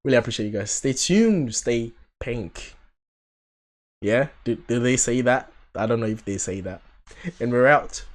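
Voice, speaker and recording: A man's voice: medium pitch, lively intonation, normal speed, slight background noise. A man hosting a reaction channel, giving casual, chatty commentary straight to his viewers.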